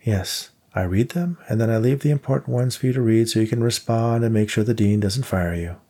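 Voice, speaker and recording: A man voicing a dry, sarcastic young woman undergrad assistant in an audiobook, close to his own low voice. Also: fairly quick, dark tone, slightly rough.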